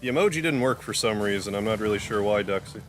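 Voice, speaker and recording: Low-voiced, rambling gaming streamer guy. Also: lively intonation, fast talker. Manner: rambling, loose, full of "like"; softens to a coo when talking to his cat. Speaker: gaming livestream host. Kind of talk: casual livestream chat while playing. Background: game music.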